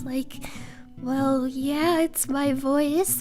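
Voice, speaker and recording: A woman with a high, soft voice chats through fan questions in a casual vlog. She giggles often and keeps an easy, unhurried pace. Faint music plays behind her. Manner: giggly and bubbly, laughing often. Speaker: YouTuber answering fan questions.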